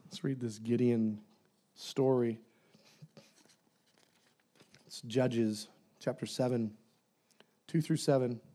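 A man preaching a sermon, animated, acting out voices and dropping to near-whispers for emphasis. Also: medium pitch, slow, pauses often. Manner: dynamic, swinging from loud to soft near-whispers.

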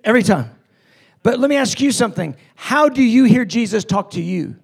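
A man preaching a sermon with passion, acting out quoted lines and swinging between loud declarations and hushed tones. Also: extremely high pitch, expressive, a little fast, creaky, slightly rough.

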